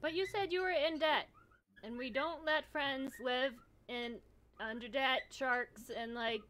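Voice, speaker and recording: A woman playing a tabletop game, chatting in a playful, lively way. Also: sits high, unhurried. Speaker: player. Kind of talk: casual tabletop play.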